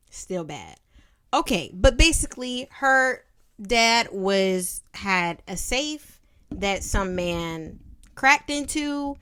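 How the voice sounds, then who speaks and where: Young woman vlogger, sarcastic and slangy, talks slow, in her 20s. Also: mid-range voice, fairly bright tone, smooth. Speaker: vlogger reviewing a childhood film. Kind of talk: casual commentary.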